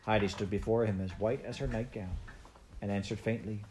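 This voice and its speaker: A woman narrating a children's story aloud in a steady, measured way. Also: rumbling low, a little hiss or hum. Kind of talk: audiobook narration.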